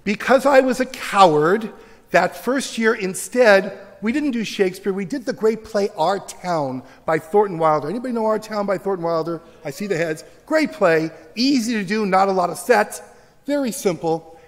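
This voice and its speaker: A man's voice: sits high, animated, moderate pace. A middle-aged man, a teacher, giving a passionate lecture in a university auditorium and acting out the voices of his critics. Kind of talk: animated public lecture. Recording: long hall reverb from the auditorium.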